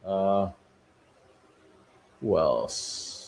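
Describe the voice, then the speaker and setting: Deep-voiced man calling live stock trades. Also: lively intonation, drawn-out words, darkish tone. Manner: talks to stocks like people, musing and bantering. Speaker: day trading stream host. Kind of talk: live market commentary.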